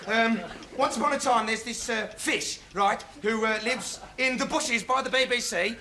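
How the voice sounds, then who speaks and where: A dim rambling would-be reporter. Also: male voice, very high-pitched, moderate pace, bright, forceful tone. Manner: rambling and scatterbrained, with lots of fillers and sudden outbursts. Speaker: comic character in a sketch show. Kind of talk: comic monologue to camera. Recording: old TV audio with a studio audience laughing.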